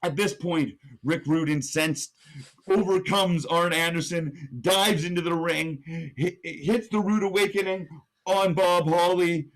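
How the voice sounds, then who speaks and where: A young man co-hosts a podcast and tells a made-up match like live commentary, excitable and building hype. His voice sits fairly high and jumps up at the big moments. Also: a little slow. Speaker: podcast co-host. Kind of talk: animated play-by-play storytelling.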